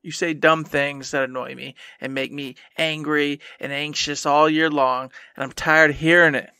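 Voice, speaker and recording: A man's voice: a little high, little pitch movement, moderate pace, pushed and bright, clear, resonant tone, no echo, studio quality. A man co-hosting a gaming podcast, scolding his past self in a mock-angry casual rant. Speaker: podcast co-host.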